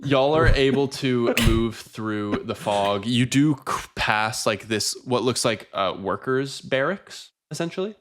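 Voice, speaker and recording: A man's voice: medium pitch, a little slow, hardly any pauses, a bit bright. A man running a tabletop game as game master, casual and laughing often.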